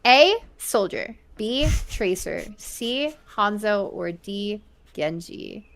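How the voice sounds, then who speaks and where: A woman's voice: medium pitch, animated, takes it slowly, creaky, fairly bright tone. Teasing woman hosting a gaming quiz. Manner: teasing, matter-of-fact. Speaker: quiz host.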